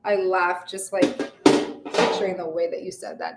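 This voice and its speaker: A woman's voice: fairly low pitch, steady tone, normal speed, loud music behind the voice. A woman chatting casually to her livestream viewers while she bakes at home, laughing often and trailing off with fillers. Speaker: vlogger baking on a livestream. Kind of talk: casual chat while baking. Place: home kitchen. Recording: echoey kitchen with faint ambience.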